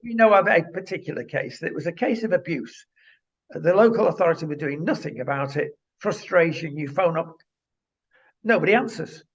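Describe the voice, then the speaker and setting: Husky and fairly high in pitch, this male co-host's voice is expressive and moves at a moderate pace. He talks indignantly straight to the viewer, captured on a dull, lo-fi recording.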